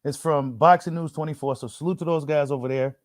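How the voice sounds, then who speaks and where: A man's voice: on the high side, steady tone, fast, no echo, studio quality. A man hosting a casual boxing commentary, slangy and full of fillers, who repeats himself and reads an article aloud to his viewers. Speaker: boxing channel host.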